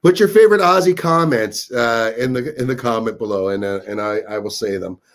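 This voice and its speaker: A man's voice: medium pitch, fairly quick. A man co-hosting a casual movie review chat, joking and laughing often. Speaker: host.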